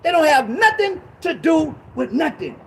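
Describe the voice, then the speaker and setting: High, lively-voiced man preaching emphatically. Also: normal speed, a little hiss or hum. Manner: emphatic, repetitive, rising to shouts; conversational street slang. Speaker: ministry talk show speaker. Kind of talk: impassioned preachy talk.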